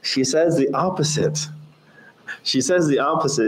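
A man teaching a religious lesson, animated and storytelling, chuckling often as he talks. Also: on the high side, measured pace, long pauses. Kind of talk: sermon with humor. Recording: echoey room.

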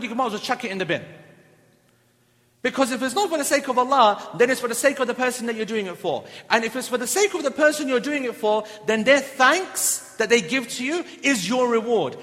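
A man giving a lively sermon, telling stories and acting out the people in them. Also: very high-pitched. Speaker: preacher. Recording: long hall reverb.

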